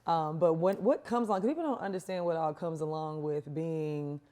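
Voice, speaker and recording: Low mellow lady host, chatty, lots of mm-hmms. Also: brisk. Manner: affirming, frequent mm-hmms, chatty. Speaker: podcast host. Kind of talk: casual interview.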